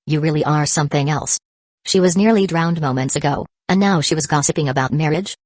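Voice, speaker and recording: Woman doing a calm dry-humored mage guy, low voice, close dry sound. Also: fairly quick, dry recording. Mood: wry.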